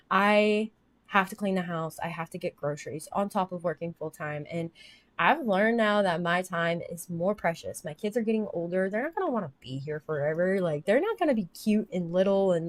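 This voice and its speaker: A woman's voice: medium pitch, dry recording. A woman in her thirties, a livestreamer chatting candidly and emotionally about family life, rambling as she reads chat comments aloud. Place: home office.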